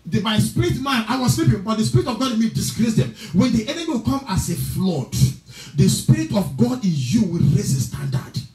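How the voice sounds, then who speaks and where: Fervent high-voiced man preaching. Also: big pitch swings, a little fast, darkish tone. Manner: fervent, chanting prayers and declarations; speaks in tongues between prayers. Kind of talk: sermon and prayer. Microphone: livestream. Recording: echoey room with music behind.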